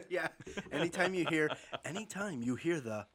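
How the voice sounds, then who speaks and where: Man, young adult, raspy, playful, lively pitch, slightly high voice, faint background noise. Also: moderate pace. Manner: playful, laughs a lot, plays along with bits. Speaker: podcast co-host. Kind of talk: casual chat.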